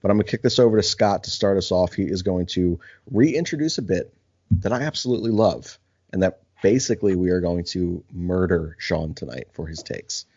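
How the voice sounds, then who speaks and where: Deep-voiced brash podcast host. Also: male voice, brisk, darkish tone, slightly rough, dry recording, dull audio. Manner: brash, crude, teasing. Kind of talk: casual podcast hosting.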